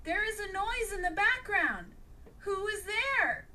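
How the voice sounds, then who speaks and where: A woman's voice: very high-pitched, very animated, a little slow, bright, forceful tone, distant mic, slight background noise, pitched above the performer's own voice, heavily acted. A woman voicing a cold male alien spider guard who gives curt commands. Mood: stern.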